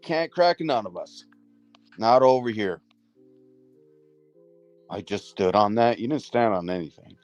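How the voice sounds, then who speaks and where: A man's voice: on the low side, expressive, unhurried, long pauses, a little mellow, dry recording, muffled recording, faint music behind. Blunt, swearing male stream host. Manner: blunt, profane, scolding. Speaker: livestream host. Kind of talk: casual livestream chat.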